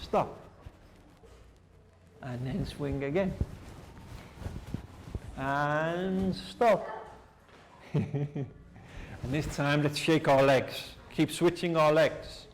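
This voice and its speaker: A man teaching a class, leading slow repeat-after-me drills in a clear, encouraging way. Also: fairly high pitch, a little hiss or hum. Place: classroom with students.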